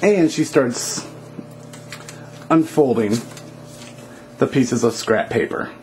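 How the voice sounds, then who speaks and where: A man's voice: mid-range voice, takes it slowly, a little hiss or hum. Casual male storyteller, easygoing, filler-heavy, talks to viewers. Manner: relaxed, with fillers and hedges.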